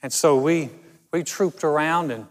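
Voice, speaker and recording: A pastor whose voice is slightly high for a man preaches a sermon, telling his story conversationally. He slows dramatically on key words, and the church space adds a long reverb.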